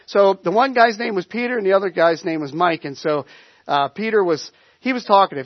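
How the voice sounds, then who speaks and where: High-voiced pastor, rambling story. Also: male voice, fairly quick, dry recording, lo-fi sound. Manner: conversational storytelling with frequent restarts. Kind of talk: sermon.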